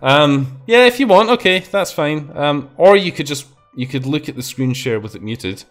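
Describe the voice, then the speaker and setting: With faint music behind him, a young man hosting a game stream keeps up casual gameplay chat, ribbing his guest jokingly. His voice sits fairly high and he speaks at a normal speed.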